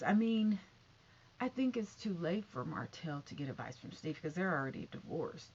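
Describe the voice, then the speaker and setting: A woman's voice: on the low side, big pitch swings, normal speed, a little mellow. Sassy woman vlogger, lo-fi recording. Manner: sassy, calls listeners honey and baby. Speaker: vlogger commenting on reality TV. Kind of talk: casual commentary. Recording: dull lo-fi recording with faint noise.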